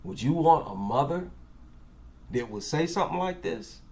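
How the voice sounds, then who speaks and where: A man's voice: on the high side, lively intonation, normal speed, a little mellow. A man with an African American accent giving reaction commentary, incredulous and asking rhetorical questions.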